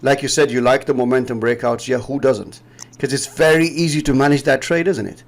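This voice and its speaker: Man, Pakistani English accent, mid-range voice with some fry, rambling explainer who often laughs. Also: mid-range voice, fairly quick. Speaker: trading educator. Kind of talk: casual chart-analysis chat.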